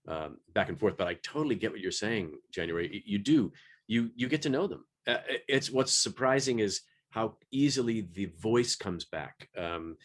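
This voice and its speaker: Low-voiced man, animated panel guest. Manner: animated, frequent restarts and repeated words. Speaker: audiobook narrator. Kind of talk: panel discussion.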